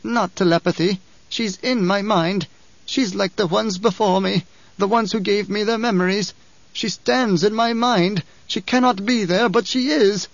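A grim, fearful old woman truth-sayer, as a male reader puts her on, her voice pitched well above his own and drawn out slowly. The audiobook recording is dry and a little dull. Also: dry recording. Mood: shaken.

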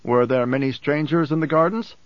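A male audiobook reader voicing a grave, weary male emperor who speaks calmly with dry irony. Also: a little high, no room sound, dull audio, close to an everyday voice. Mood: grave, ironic. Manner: calm, measured, dry irony. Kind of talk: audiobook character voice.

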